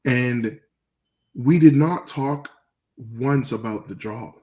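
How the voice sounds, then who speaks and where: A man from Canada, a podcast guest, telling stories in a relaxed, rambling way with fillers, acting out old phone calls. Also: mid-range voice, slow, rough recording. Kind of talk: casual storytelling interview.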